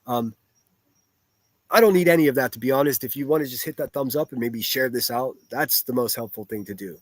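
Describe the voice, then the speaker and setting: A man hosting a live stream who answers his chat bluntly and swears freely. His voice sits at an ordinary middle pitch. The sound is dry and close, with no room around it. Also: fairly quick, no room sound. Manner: blunt, profane, rambling with restarts. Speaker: livestreamer reading chat.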